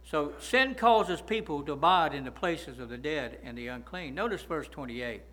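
A man delivers a sermon, his voice pitched high with a bright, forceful edge. He leans on call-and-response, tossing "right?" and "amen?" to the congregation as he preaches. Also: lively intonation, normal speed, rough recording. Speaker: pastor.

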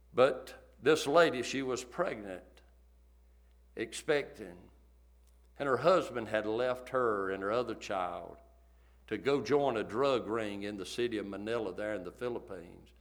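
Man pastor, mid-pitched, folksy and emphatic, telling a sermon story from the pulpit. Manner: folksy, emphatic, repeats himself.

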